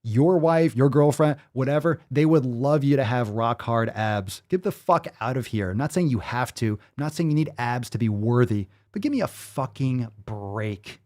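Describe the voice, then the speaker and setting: A man's voice: medium pitch, lively intonation, moderate pace, few pauses, darkish tone. A man hosting a fitness show, ranting with sarcastic, profane disbelief in live-stream commentary. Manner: sarcastic, profane, incredulous rants.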